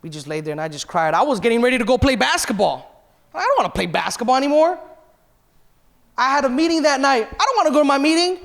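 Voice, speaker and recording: A man's voice: very high-pitched, very animated, fast, vocal fry, a bit bright. A man in his thirties, a pastor, giving an emotional personal testimony in a church sermon. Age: 30s. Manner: emotional, confessional, quotes himself and others.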